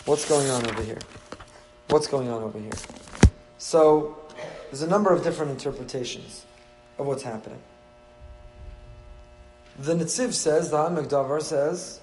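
A man, a rabbi, delivering a sermon full of rhetorical questions and repetition, with sharp swings between loud and soft. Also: a little high, moderate pace, long pauses, reverberant, faint music behind, low-quality recording. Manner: storytelling, acts out quoted voices.

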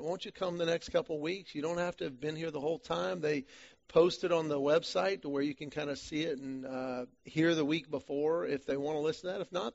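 Animated male group-study leader. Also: on the high side, dull audio. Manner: animated storytelling, self-deprecating humor. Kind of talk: church small-group teaching talk.

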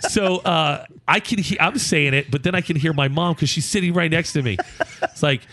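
A man co-hosting a comedy podcast, telling an animated story and laughing through it. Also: on the high side, moderate pace. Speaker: podcast co-host.

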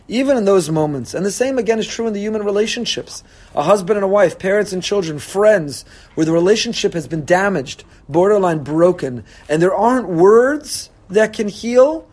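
A rabbi delivers a sermon in a high, bright-pitched voice. He preaches with animated emphasis, often slipping into dramatized quoted speech. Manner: animated preaching, voicing God and congregants.

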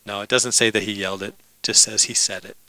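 A man's voice: fairly low pitch, flat delivery, fast talker, pushed and bright, no echo, low-quality recording. A man preaching a sermon in a conversational way, with jokes and asides to the congregation. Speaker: pastor.

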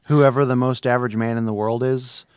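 A man's voice: medium pitch, fairly even intonation, brisk, a little mellow, clean tone, no echo, clean studio sound. A man co-hosting a podcast in casual chat, laid-back and self-deprecating. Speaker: podcast co-host.

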